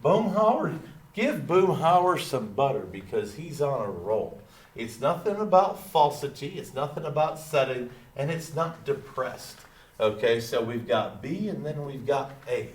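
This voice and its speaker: A male teacher reading a lesson aloud while voicing a folksy, proud small-town dad with a slow drawl and pet phrases. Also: medium pitch, very animated. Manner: slow Texan drawl, repeating catchphrases. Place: classroom. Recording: roomy echo.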